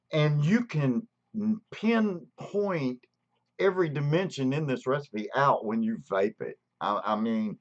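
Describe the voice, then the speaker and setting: A man from Alabama with a Southern accent, hosting a casual livestream and greeting viewers by name as he talks, stretching out words for emphasis. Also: mid-range voice. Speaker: channel host. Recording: dull lo-fi stream audio.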